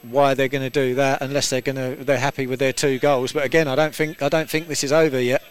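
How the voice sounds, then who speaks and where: A man's voice: medium pitch, little pitch movement, fast talker, smooth. A man working as a football co-commentator, chatty, with short reactions and rambling asides. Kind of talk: casual match analysis.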